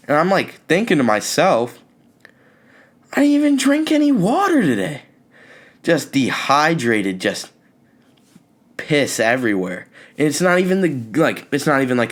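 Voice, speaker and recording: A young man hosting a podcast, telling a comic story in an animated, exasperated rant with sudden high-pitched outbursts. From California. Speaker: podcast host. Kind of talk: comedic storytelling monologue.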